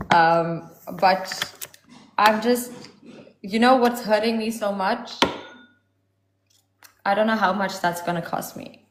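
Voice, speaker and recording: Animated, chatty woman host in an echoey room. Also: medium pitch, a little hiss or hum. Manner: animated, swearing, quick asides. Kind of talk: casual chat, storytelling.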